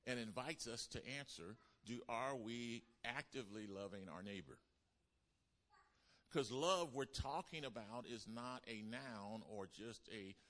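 A male pastor preaching a sermon, with call-and-response lines, repeated lists and loud bursts of emphasis. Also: lowish voice.

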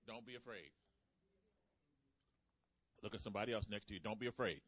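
A man preaching a sermon, calling out to the congregation and swinging between loud emphasis and soft asides. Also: lowish voice, a little fast, no room sound. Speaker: pastor.

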